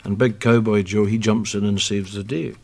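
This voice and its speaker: An actor playing a sarcastic, exasperated older Scottish pensioner who reads war books. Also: male voice, on the low side, fairly even intonation, normal speed, creaky, darkish tone.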